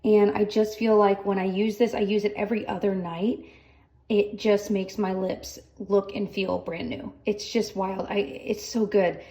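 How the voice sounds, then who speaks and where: A woman's voice: medium pitch, little pitch movement, measured pace, dark tone, low-quality recording. A young woman chatting casually to camera as a family vlogger, talking loosely with plenty of "like" fillers.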